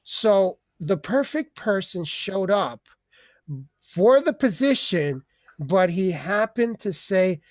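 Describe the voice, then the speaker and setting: A man's voice: high voice, sing-song, slow, dry recording, studio quality. A man hosting an online open mic, ranting and rambling with profanity and sudden voice changes, over a video call. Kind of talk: comedy rant.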